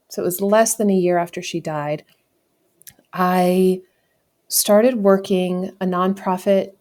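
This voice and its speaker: Low-voiced woman telling a candid story. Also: a little mellow. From United States. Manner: candid, reflective, with frequent self-corrections and laughs. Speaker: podcast guest. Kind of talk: conversational storytelling.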